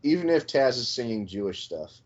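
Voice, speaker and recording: A man co-hosting a casual wrestling podcast, excitable and stumbling over his openers. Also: mid-range voice, a little fast. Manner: repeats openers, excitable, swears. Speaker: podcast co-host. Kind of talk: casual wrestling review chat. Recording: dull lo-fi podcast mic.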